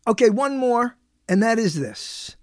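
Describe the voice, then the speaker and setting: A man's voice: very high voice, big pitch swings, measured pace, no echo, studio quality. A man hosting a live talk show, chatting in a rambling, digressive way and often breaking off mid-sentence. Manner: digressive, chatty, self-interrupting. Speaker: radio show host. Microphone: studio microphone.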